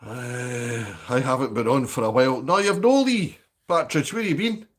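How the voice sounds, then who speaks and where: A man's voice: mid-range voice, moderate pace. A Scottish man chatting casually on a live stream from his home, reading out viewer comments and asking for likes.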